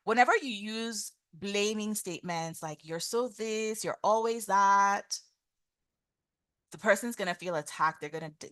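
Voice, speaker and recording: A woman's voice: on the low side, fairly bright tone, dry recording, studio quality. A woman hosting a live talk on communication, teaching in a casual way, improvising examples aloud and repeating her questions. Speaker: host and communication coach.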